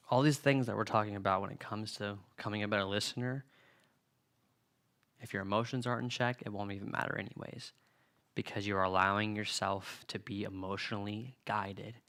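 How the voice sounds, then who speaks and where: A man's voice: lowish voice, a bit bright. A young man preaching in a casual, earnest way who often acts out the lines of everyday arguments. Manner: earnest, conversational, acts out quoted dialogue. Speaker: youth preacher. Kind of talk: sermon-style teaching on a book.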